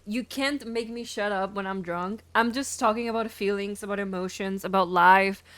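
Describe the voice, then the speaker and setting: A woman's voice: medium pitch, fairly even intonation, moderate pace, fairly bright tone, no room sound. A woman streaming a video game, chatting casually, giggling often and swearing freely.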